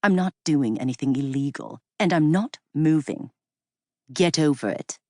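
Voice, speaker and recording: A woman's voice: deep voice, lively intonation, unhurried, a little mellow, no echo, studio quality, exaggerated voice. A woman narrator voicing a surly, cold young Englishman with an English accent, clipped and stern. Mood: curt, dismissive.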